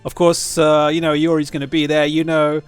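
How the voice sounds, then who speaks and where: Male gaming vlogger, higher voice, very lively pitch, rambling and excitable, faint music behind. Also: moderate pace, clear, resonant tone, no room sound. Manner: excitable, rambling, repeats himself, spikes high when hyped. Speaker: gaming channel host. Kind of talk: casual video commentary.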